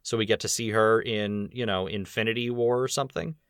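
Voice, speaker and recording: A man's voice: lowish voice, fairly even intonation, a bit bright, smooth, no echo, clean studio sound. A man hosting a podcast in casual chat, rambling and laughing easily between points. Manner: chatty, rambling, quick laughs. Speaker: podcast host.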